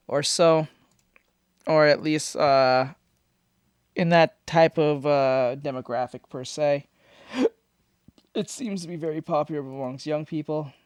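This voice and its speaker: A man hosting a reaction video, shouting and swearing at scary moments and mumbling his asides between them. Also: a little high, clean tone, no echo, studio quality. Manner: loud swearing outbursts and screams, then mumbling asides. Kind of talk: casual reaction commentary. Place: home recording room with foam treatment. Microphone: desk microphone.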